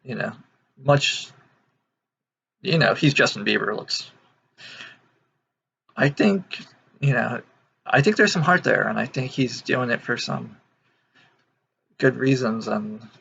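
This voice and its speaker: A man's voice: medium pitch, takes it slowly, vocal fry, long pauses, a bit bright, highs cut off, a little hiss or hum. An American man in his twenties to thirties, talking casually to camera, rambling with many fillers and restarts. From United States. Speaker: video host. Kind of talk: casual opinion monologue.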